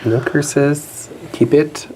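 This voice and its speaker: A man's voice: a little high, steady tone, extremely slow, dark tone, slight background noise, low-quality recording. A man co-hosting a live board game stream, tossing out dry joking asides while getting over an illness. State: recovering from illness. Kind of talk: casual live-stream chat.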